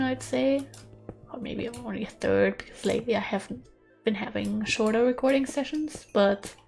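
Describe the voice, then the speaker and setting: Chatty gravelly-voiced woman gamer. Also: mid-range voice. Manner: chatty, thinking aloud while playing, light self-mockery. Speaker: gaming channel host. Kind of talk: casual let's-play commentary. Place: her bedroom at home. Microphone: USB studio microphone.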